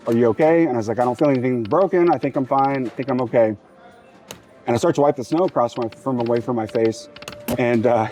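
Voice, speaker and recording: A man's voice: mid-range voice, warm tone. A man hosting a slots channel, telling a long story casually while he plays. He rambles, cuts himself off and urges the machine on between sentences. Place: casino floor.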